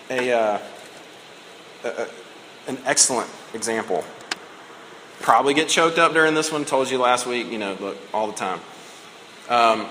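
A man's voice: mid-range voice, bright, forceful tone, a little hiss or hum. A man in his thirties giving a conversational, emotional sermon as a pastor. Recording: reverberant hall with faint ambience.

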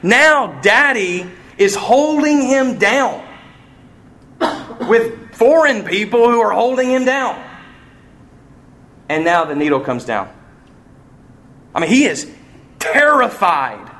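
Man preaching a sermon, hushed to pleading. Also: very high voice, sing-song, slow pace, pauses often, a little hiss or hum. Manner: storytelling, swings from hushed to loud pleading. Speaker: pastor.

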